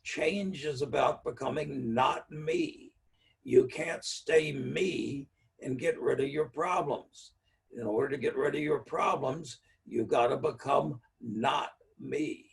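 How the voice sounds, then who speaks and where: Gravelly-voiced guy lecturing, mic kinda far off, plain down-to-earth explaining. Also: mid-range voice, takes it slowly. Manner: plainspoken teaching with everyday examples. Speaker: NLP trainer giving a talk. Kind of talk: virtual speaker-series talk.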